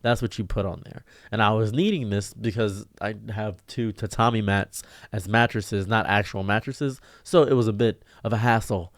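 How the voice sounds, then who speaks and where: A man telling a diary-style story to camera in an exasperated, ranting way, his voice jumping up sharply in pitch. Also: fairly even intonation, normal speed, hardly any pauses, dry recording, studio quality. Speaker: streamer and video diarist.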